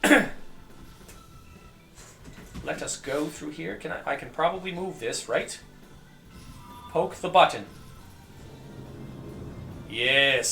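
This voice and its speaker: A man streaming a video game, rambling and joking with profanity, often coughing and clearing his throat. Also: fairly high pitch, lively intonation, slow pace, pauses often, pushed and bright, echoey room, soft background music. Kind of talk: casual gameplay commentary.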